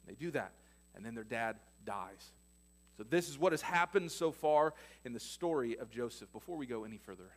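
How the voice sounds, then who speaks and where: A man preaching a sermon as pastor of a church, retelling stories with his loudness swinging between emphatic and hushed. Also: on the high side, expressive, normal speed.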